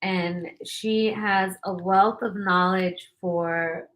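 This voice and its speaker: A woman's voice: on the low side, fairly even intonation, drawn-out words, fairly bright tone. A woman hosting a podcast, chatting in an encouraging way and laughing often. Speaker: podcast host. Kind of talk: casual podcast interview.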